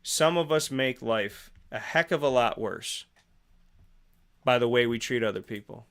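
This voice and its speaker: A man's voice: mid-range voice, a little slow, fairly bright tone. A male host giving a preachy motivational morning monologue, asking rhetorical questions and repeating phrases for emphasis. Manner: acts out both sides of imagined conversations.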